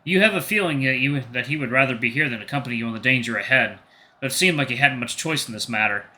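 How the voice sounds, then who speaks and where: A man's voice: mid-range voice, fast talker. A man hosting a gaming channel, reading a story game's narration aloud and commenting casually. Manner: casual reactions between steady narration.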